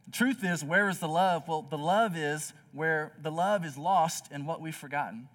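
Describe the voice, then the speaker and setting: A man's voice: fairly high pitch, normal speed, a bit bright, far from the mic. A young man preaching a sermon as pastor of a church, telling stories with many "like" fillers. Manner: earnest storytelling with many "like" fillers.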